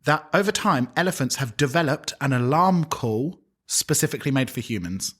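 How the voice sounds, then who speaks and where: A man's voice: medium pitch, expressive, moderate pace, a bit bright. A man, co-hosting a casual podcast chat, giggly and full of restarts. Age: 20s to 30s. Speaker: podcast co-host, wig maker.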